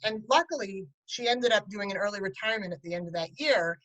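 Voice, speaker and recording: A middle-aged woman, a guest on an interview show, telling a story about her son in an animated way with bursts of laughter. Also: medium pitch, fast talker, rough recording. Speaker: guest, parent and writer. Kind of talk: conversational interview.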